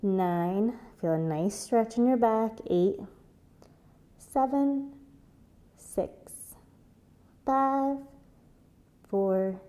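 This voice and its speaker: Extremely slow with long pauses, a woman's fairly high, mellow voice guides beginners through a plank workout. She counts down holds and coaches form while doing the moves, straining on hard holds and shaking from the effort.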